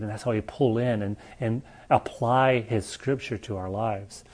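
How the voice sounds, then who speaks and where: Male preacher, mid-range voice, earnest conversational sermon with quiet reflective turns. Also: mid-range voice, moderate pace, few pauses. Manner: earnest, shifts between lively storytelling and quiet reflection.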